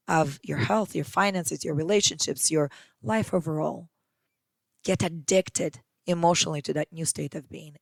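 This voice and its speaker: Gravelly-voiced woman podcast host. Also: low voice, dry recording. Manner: emphatic, addresses listener as friend. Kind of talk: motivational podcast monologue.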